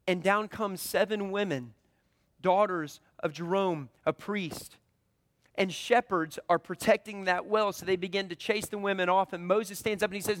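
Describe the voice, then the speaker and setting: High-voiced man preaching a dramatic story. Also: moderate pace, no echo. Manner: dramatic retelling, acting out the characters' lines. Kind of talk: sermon storytelling.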